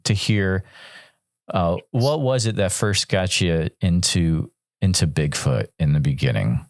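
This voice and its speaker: A man's voice: low voice, lively intonation, unhurried, no room sound, clean studio sound. A man from Western Massachusetts hosting an interview, friendly and enthusiastic, with lots of filler words. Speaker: podcast host. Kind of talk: casual interview.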